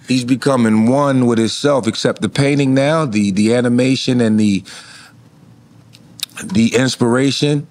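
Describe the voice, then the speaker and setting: Guy kicking back as a podcast guest, cussing a lot, easygoing, middle-pitched voice. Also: darkish tone. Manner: laid-back, profane, slow and thoughtful. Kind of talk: casual chat.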